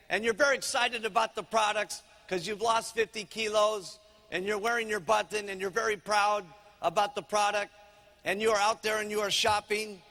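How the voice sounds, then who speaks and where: A man's voice: sits high, long reverb tail. A man as sales trainer, telling a humorous motivational story and acting out each character. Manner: animated, acts out characters.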